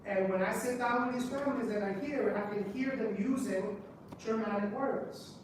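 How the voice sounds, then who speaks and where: A man presents at a conference, quizzing the room with rhetorical questions as he teaches. His voice comes from a distance in a very echoey hall, with steady background noise underneath. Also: high-pitched, normal speed. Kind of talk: lecture to a live audience. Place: public library meeting room.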